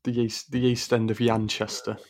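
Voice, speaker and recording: A man co-hosting a podcast, with a breathy voice and a laid-back, deadpan way of replying. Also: medium pitch, moderate pace. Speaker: podcast co-host. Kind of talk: casual chat.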